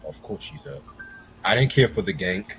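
Laid-back low-voiced man. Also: lively intonation, a bit bright, soft background music. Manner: laid-back, unhurried, swears casually. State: high. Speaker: podcast co-host reviewing an album. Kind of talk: casual chat.

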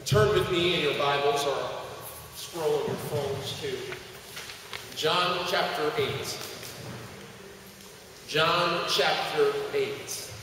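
A man's voice: on the high side, drawn-out words, pauses often, background noise. A male pastor preaching a sermon and leading prayer, with rising emphasis and call-and-response with the congregation. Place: church sanctuary. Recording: echoey church hall from far off.

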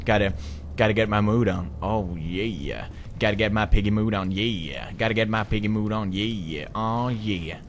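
A man voicing a lazy, lewd male pig creature from a horror game, talking in a slow, low, suggestive drawl. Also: slight background noise, natural voice.

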